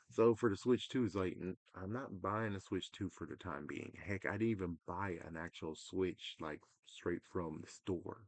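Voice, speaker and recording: Deep-voiced man ranting about games. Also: measured pace, no echo. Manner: exasperated, profane, mocking voices; swings between loud outbursts and muttering. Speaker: gaming commentator. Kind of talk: casual rant to camera.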